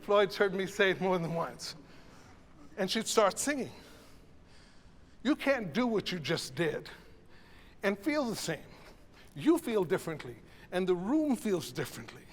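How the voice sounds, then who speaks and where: An older man leading a choir rehearsal as conductor, animated, demonstrating phrases by singing them. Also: high-pitched, a little slow, long pauses, long reverb tail. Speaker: choral conductor. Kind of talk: choral masterclass rehearsal.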